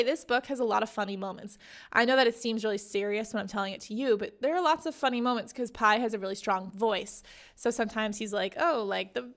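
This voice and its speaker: A young woman with a slightly high voice hosts a casual book podcast. She talks in a chatty, easygoing way and acts out the characters' lines with big jumps in pitch. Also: fairly bright tone. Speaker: podcast host.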